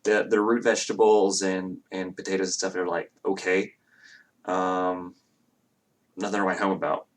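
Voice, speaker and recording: A man narrates as game master in a tabletop game, casual and halting, with lots of fillers. His voice sits on the low side. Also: little pitch movement.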